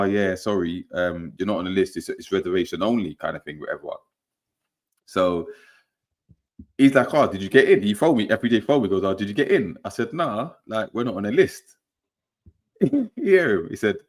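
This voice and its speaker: A young man hosting a casual football podcast, telling stories in a laid-back, laughing way. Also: on the low side. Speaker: podcast host. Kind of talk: casual football chat and storytelling.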